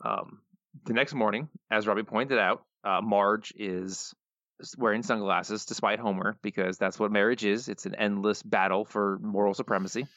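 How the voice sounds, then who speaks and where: A man's voice: lowish voice, steady tone, normal speed, a bit bright, no echo, highs cut off. A man co-hosting a podcast, recapping an episode with sarcastic, wry asides. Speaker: podcast co-host. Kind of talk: casual podcast recap chat.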